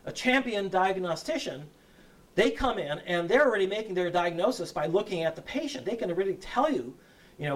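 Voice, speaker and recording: A man lecturing from some distance off the mic, his voice a bit high for a man. He answers questions in a loose, halting way, restarting phrases and tagging them with "right?". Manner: hesitant, restarts, says "right?" often.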